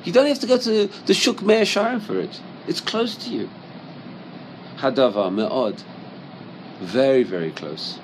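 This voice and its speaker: A man's voice: medium pitch, lively intonation, a little slow, long pauses, slight background noise, poor audio. A man teaching a Torah class in English, reciting Hebrew verses and asking many rhetorical questions.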